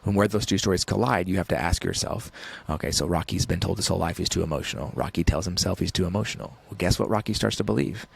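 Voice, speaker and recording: A man's voice: sits low, fast, gravelly, husky. A man in his thirties, an author talking as a guest in an interview, intense and emphatic, repeating phrases for effect. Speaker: author and podcast host, guest. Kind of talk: interview guest on a talk show.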